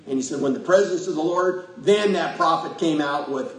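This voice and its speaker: A man's voice: on the high side, moderate pace. A man preaching a folksy, emotional sermon to a congregation, laughing often as he talks. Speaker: pastor. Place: church sanctuary with congregation. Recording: echoey church, voice from far off.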